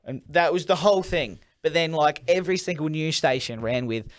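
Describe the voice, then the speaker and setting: A man co-hosting a loose, casual podcast, running through a story with plenty of swearing. His voice sits a little high for a man, and he slips into quick impressions of the people he talks about. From Australia. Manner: rambling storytelling with heavy swearing. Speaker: podcast co-host.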